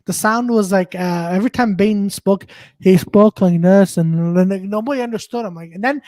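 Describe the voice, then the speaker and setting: A man's voice: sits high, normal speed, dry recording. A man on a comedy podcast, talking animatedly and laughing in casual banter. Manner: animated, quoting movies, laughing. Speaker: podcast co-host.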